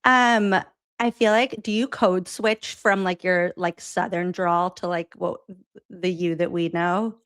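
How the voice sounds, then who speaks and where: A woman host with a lowish voice chats casually and fills her talk with "like" and quick laughs. She sounds close to the mic in a dry room. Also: fairly even intonation, fairly bright tone, clean tone, dry recording. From Massachusetts. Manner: chatty, filler-heavy, laughs easily. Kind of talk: casual chat.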